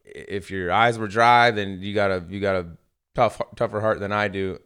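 A man co-hosting a podcast in casual chat, animated and jokey, swearing freely as he tells stories. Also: lowish voice, normal speed, clean tone. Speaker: podcast co-host.

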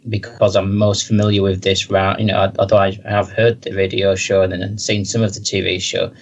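Hesitant man, low flat voice. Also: moderate pace, low-quality recording. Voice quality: hesitant, many ums and restarts. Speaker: podcast co-host. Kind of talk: casual chat.

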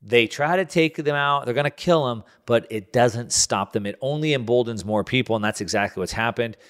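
Male podcast host, solo commentary, mid-pitched, emphatic, repeats words as he builds an argument. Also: a little fast, fairly bright tone.

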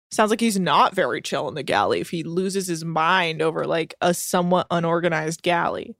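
A woman's voice: lowish voice, a little fast, few pauses, fairly bright tone, dry recording, clean studio sound. A young woman from the Bay Area co-hosting a podcast, recapping a reality show in casual, swearing chat full of mock quotes. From San Francisco Bay Area. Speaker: podcast co-host.

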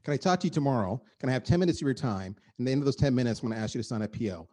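A middle-aged man, a guest on a podcast, talking in an energetic and emphatic way and repeating words for effect. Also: medium pitch, racing. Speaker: guest, marketing executive. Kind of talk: animated podcast conversation.

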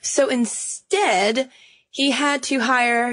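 A woman's voice: mid-range voice, expressive, a little slow. A young woman co-hosting a podcast, chatty and wry, laughing easily as she talks. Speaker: podcast co-host. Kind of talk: casual chat.

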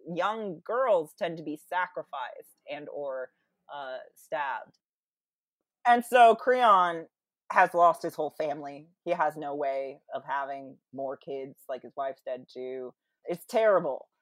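Speaking slowly in a low register, this woman comes through clean studio sound with no echo. As a guest on a podcast, she chats her way through a story with plenty of fillers, hamming up the quoted lines in playful voices.

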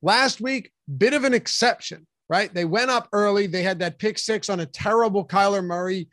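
Man, high voice, dry close sound, emphatic fantasy football co-host. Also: normal speed, a bit bright, dry recording. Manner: emphatic, argumentative. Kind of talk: fantasy football analysis chat.

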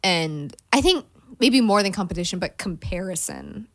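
A woman talking casually as a podcast co-host, calm, reflective and encouraging. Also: medium pitch, normal speed, dry recording, clean studio sound. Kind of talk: casual chat.

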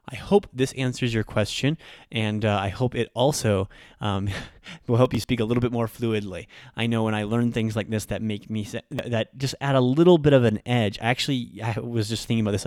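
A man's voice: mid-range voice, a little mellow, no echo. Man teaching in a dry, close voice. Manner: friendly, explanatory, with occasional ums and self-corrections. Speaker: Japanese language teacher and podcast host. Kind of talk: casual podcast lesson.

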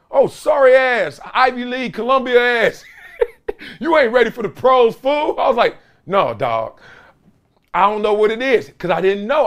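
Animated man telling sports stories. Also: high voice. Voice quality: voice gets strained easily. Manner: storytelling with playful impressions and frequent laughs. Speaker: host. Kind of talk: animated solo sports commentary.

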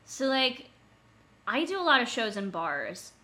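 Chatty bright-voiced young woman. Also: on the high side, big pitch swings, unhurried. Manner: chatty, heavy use of "like". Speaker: podcast co-host. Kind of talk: casual chat.

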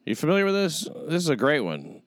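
A man's voice: fairly high pitch, huge pitch swings, fast, dry recording. A man hosting a podcast in casual chat, blunt and profane, rambling with plenty of fillers. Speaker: podcast host.

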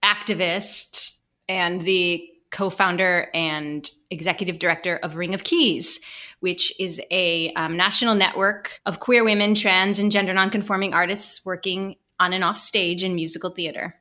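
A woman with a bright, forward voice chats easily as a podcast guest. She talks in an animated way and laughs often, speaking from a remote setup. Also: fairly low pitch, moderate pace. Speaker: podcast guest, stage performer. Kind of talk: casual podcast chat. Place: remote call, away from the hosts.

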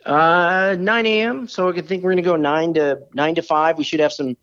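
A man calls into a show and talks casually about his business, halting and full of fillers. His voice comes through a dull, muffled line. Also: fairly high pitch, fairly even intonation, a bit bright. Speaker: guest store owner. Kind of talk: casual interview.

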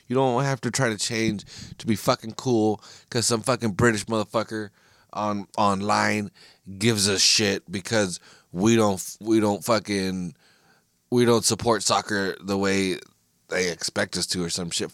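A lower-voiced American man talks alone into the mic as a podcast host. He rants with frustration, swears constantly and trips over his own restarts. The sound is dry and close, with no room around it. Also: steady tone, a little slow, fairly bright tone, dry recording. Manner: profane, frustrated, ranting with frequent restarts. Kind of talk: solo casual podcast rant.

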